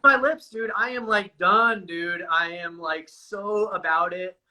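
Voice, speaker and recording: Bright-voiced man talking candidly. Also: high voice, measured pace, low-quality recording. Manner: casual and profane, says "dude" constantly. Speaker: guest sharing a recovery story. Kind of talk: candid conversational storytelling.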